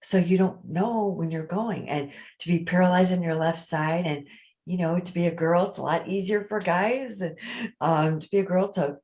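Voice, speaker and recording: A woman with a raspy voice, a guest telling her personal story openly and chattily in an interview. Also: fairly low pitch, moderate pace, a little mellow, rough recording. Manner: open, chatty storyteller who acts out quoted voices.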